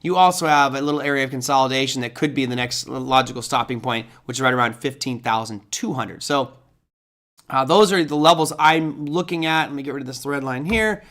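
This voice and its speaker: A man's voice: medium pitch, a little fast, fairly bright tone. A middle-aged man hosting a live market analysis stream, chatty and casual as he walks through charts and answers viewer questions. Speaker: trading stream host.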